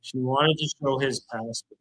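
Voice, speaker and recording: A man's voice: medium pitch, steady tone, unhurried, a bit bright, low-quality recording. Heated man ranting bitterly. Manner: bitter, repeats himself, heated. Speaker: streamer. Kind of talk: angry livestream rant.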